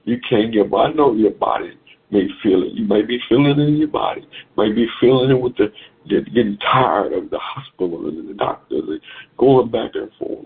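A gravelly, low-voiced man preaching to his congregation in a repeating, sing-song cadence. His sermon comes through a tinny phone line that thins out the sound. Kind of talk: sermon over a phone call.

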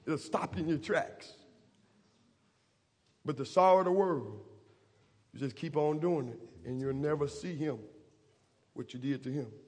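A man preaching a sermon in a church, impassioned and rising to shouts. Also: fairly high pitch, a little slow, pauses often. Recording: long reverb of a church hall.

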